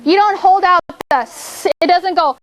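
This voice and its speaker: Speaking at a moderate pace in a very high-pitched voice, a woman teaches spelling to young students. She walks them through each step and frequently asks "okay?" to make sure they're following, as an elementary school teacher.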